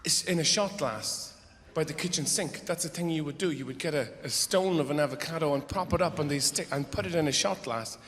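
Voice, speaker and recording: A man's voice: a little high, brisk, hardly any pauses, fairly bright tone. A middle-aged male stand-up comedian, rambling, profane and exasperated, performing live on a theatre stage. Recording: echoey hall with crowd noise.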